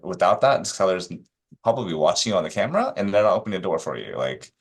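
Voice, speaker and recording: A man, a real estate broker guest on a podcast, telling stories casually with lots of fillers and acting out the people he quotes. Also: husky. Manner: animated, acts out quoted agents with rising pitch; many fillers, quick asides.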